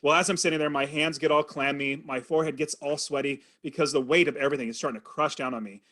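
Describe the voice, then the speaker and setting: Man, forties, podcast guest, earnest animated storytelling, slightly high voice. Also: quick pace. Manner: earnest, animated storytelling with quoted inner thoughts. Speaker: podcast guest, real estate investor. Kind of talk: storytelling in an interview.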